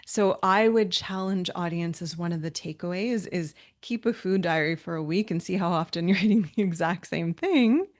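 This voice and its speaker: A woman's voice: on the low side, moderate pace, few pauses. A woman hosting a health webinar, chatting with a guest and reading audience questions, upbeat and practical, often affirming with "yeah". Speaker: webinar host. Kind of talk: conversational webinar, moderating questions.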